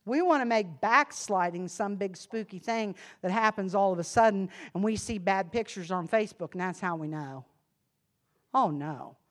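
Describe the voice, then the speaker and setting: A woman preaching a sermon, impassioned, swinging from hushed confession to loud emphasis. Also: medium pitch. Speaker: church speaker.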